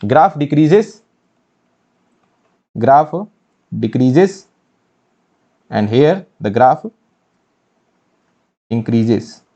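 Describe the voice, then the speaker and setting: Indian english accent, male tutor, fairly high voice, mellow tone, muffled dull recording. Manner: asks questions and answers them himself, repeats key phrases. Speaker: engineering mathematics teacher. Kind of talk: online exam-prep lecture.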